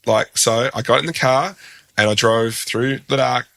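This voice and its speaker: A man with an Australian accent, a guest telling a story in a casual, animated and self-deprecating way, acting out the quotes. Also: medium pitch, moderate pace, creaky.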